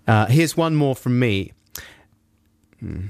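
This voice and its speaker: A man's voice: mid-range voice, animated, slow, vocal fry, a little mellow, no room sound. A man co-hosting a radio show in casual, playful, teasing banter. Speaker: radio co-host. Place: radio studio.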